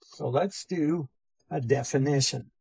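A man's voice: a little high, a little slow, creaky, a little mellow, breathy edge, poor audio. A man teaching a theology lesson, methodically defining terms and repeating key phrases. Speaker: Bible teacher. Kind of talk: theology lecture.

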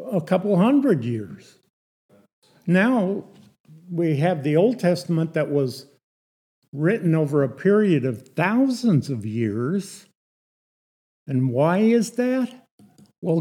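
A man's voice: fairly high pitch, dark tone, husky. A man teaching a Sunday morning Bible study, explaining patiently, repeating key points and asking rhetorical questions.

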